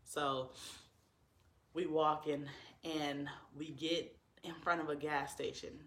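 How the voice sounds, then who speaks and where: A man's voice: a little high, level tone, takes it slowly, a bit bright, reverberant. A man telling a personal story to his viewers in an earnest, emotional way, full of likes and ums.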